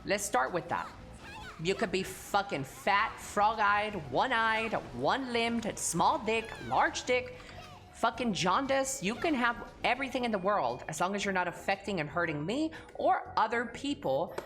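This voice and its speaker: A woman's voice: mid-range voice, expressive, measured pace, a bit bright, soft background music. A young adult woman streaming live, chatting casually and answering chat bluntly, with frequent swearing. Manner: blunt and profane, reading chat aloud and answering.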